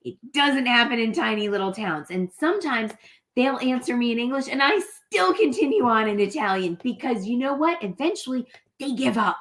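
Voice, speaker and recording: A woman's voice: fairly high pitch, a little fast. A woman co-hosting a casual live travel chat, telling stories with lots of laughter. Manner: animated storytelling, laughs often.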